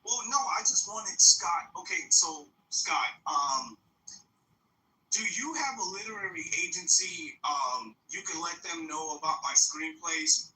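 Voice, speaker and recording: A caller making a halting, pleading request in a chat room. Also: mid-range voice, animated, bright, forceful tone. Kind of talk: casual chat. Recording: roomy, distant mic, faint noise.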